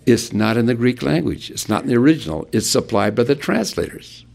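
A man's voice: mid-range voice, lively intonation, fairly quick, creaky, a little mellow. A man preaching an expository sermon, asking his listeners rhetorical questions as he works through a Bible passage.

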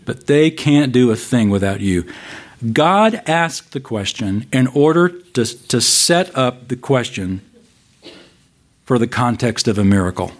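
A man preaching a sermon as a pastor, expressive, slowing down for emphatic scripture reading. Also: medium pitch.

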